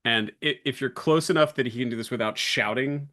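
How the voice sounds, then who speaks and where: Bright-voiced man playing a tabletop game. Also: mid-range voice, brisk. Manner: hesitant, filler-heavy describing. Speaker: player. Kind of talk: tabletop role-play.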